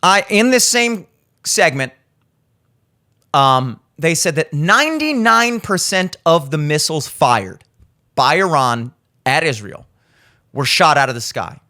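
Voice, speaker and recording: A man's voice: a little high, big pitch swings, slow, pauses often, pushed and bright. A man in his thirties hosting a podcast, giving blunt, profane opinion commentary and acting out the people he quotes. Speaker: podcast host. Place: studio.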